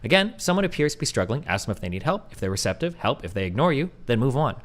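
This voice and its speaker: A man's voice: mid-range voice, sing-song, very fast. A man in his thirties streaming, ranting bluntly and profanely to his chat, mocking others with put-on voices. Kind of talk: livestream rant to chat.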